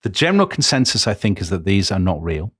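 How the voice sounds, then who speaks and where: Male podcast co-host, low voice, emphatic conversational history storytelling, dry close mic. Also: quick pace, breathy edge, dry recording. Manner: lively, emphatic narration with asides.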